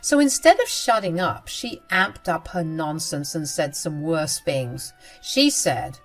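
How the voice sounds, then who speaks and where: A woman's voice: low-pitched, lively intonation, slow, few pauses, soft background music, poor audio. A young woman narrating her own story in a scripted, confiding and emotional way.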